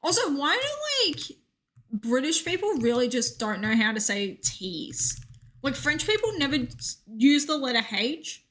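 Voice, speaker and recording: Young woman game streamer, higher and bright, chatty and jokey, reacting to chat. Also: sing-song, a little slow. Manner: chatty, reads chat aloud, joking asides. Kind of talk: casual live-stream chat.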